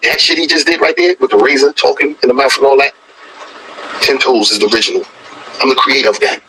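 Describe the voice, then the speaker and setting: A man's voice: medium pitch, fast, bright, forceful tone, a little hiss or hum, poor audio. A man hosting a reaction video, telling a story in blunt, profane, scoffing casual commentary.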